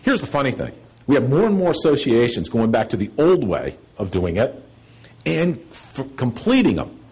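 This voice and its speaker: A man giving a seminar lecture, blunt and sarcastic, acting out quoted questions in a higher voice. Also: dark tone, husky, low-quality recording.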